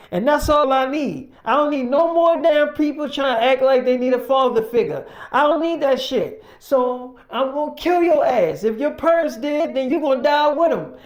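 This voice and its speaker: A woman voicing a hot-headed, ruthless man who rants and curses loudly. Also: medium pitch, natural voice. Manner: cursing, menacing rant.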